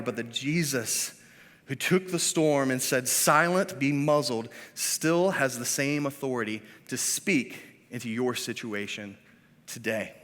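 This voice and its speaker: A man in his thirties preaches in a church sanctuary, his mid-pitched voice trailing off into a long reverb. He drops to hushed, slow phrases, then climbs to loud, emphatic commands. He slips in wry, self-mocking asides between points. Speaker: pastor. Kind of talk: sermon.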